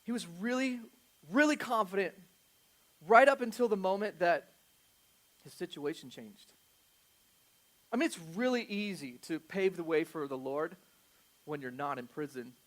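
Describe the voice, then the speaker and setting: A middle-aged male pastor giving a sermon in a conversational, joking way, swinging from loud emphasis to quiet asides. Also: sits high, sing-song, moderate pace, pauses often.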